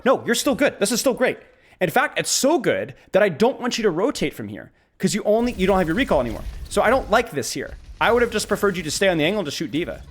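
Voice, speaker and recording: A man coaching a player live over a game replay, excitable and animated, talking in bursts with lots of repetition. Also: high-pitched. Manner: animated, excitable, talks fast in bursts with repeated phrases. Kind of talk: live-streamed gameplay coaching.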